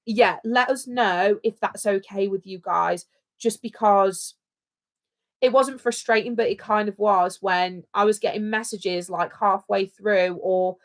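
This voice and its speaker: A woman's voice: mid-range voice, unhurried. A British woman co-hosting a casual livestream, chatting in a rambling, jokey way. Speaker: livestream co-host.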